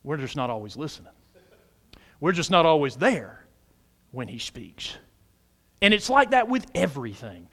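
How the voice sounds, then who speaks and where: A man preaching a sermon as pastor of a church, loud and emphatic, using humor and questions to the congregation. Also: big pitch swings, normal speed, long pauses. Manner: loud, emphatic preaching with big pitch swings. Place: church sanctuary.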